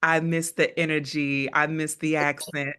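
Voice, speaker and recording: A woman's voice: deep voice, level tone, a little slow, fairly bright tone, clean tone. A woman hosting a podcast in a casual, upbeat and effusive chat. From East Coast of the US. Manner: upbeat, effusive, laughs often. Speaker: podcast host.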